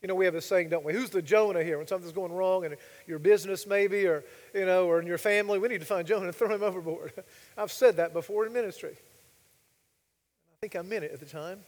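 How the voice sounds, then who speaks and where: A man's voice: high voice, fairly quick, a little mellow, long reverb tail. A male pastor preaching a sermon, emphatic and full of rhetorical questions to the congregation.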